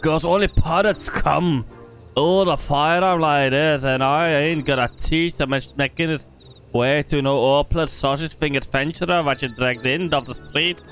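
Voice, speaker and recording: Man doing a gruff older gunsmith, put-on Scottish accent, grumpy, blunt, coarse growl, game voice, slightly high voice. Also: measured pace, a bit bright, soft background music. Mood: scornful.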